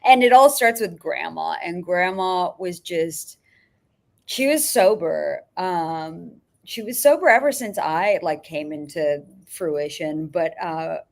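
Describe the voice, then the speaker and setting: A woman's voice: on the low side, slow pace, vocal fry. Woman telling profane rambling stories. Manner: profane, laughing, rambling anecdotes. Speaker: filmmaker guest. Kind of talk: casual storytelling.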